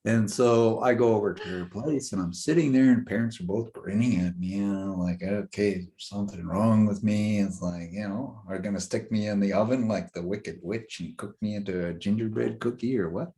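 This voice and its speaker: A middle-aged man, a guest in a casual interview, telling a personal story in an animated way and often laughing as he talks. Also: fairly low pitch, moderate pace, hardly any pauses. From Indigenous North American community. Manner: animated storyteller who laughs through his tale.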